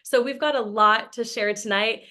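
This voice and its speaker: Chatty upbeat woman, fairly high voice. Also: fairly even intonation, normal speed, sharp tone. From Austin, Texas. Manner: enthusiastic, chatty, laughs often. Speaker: business presenter. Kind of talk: upbeat sales presentation. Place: home video call. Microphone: video call.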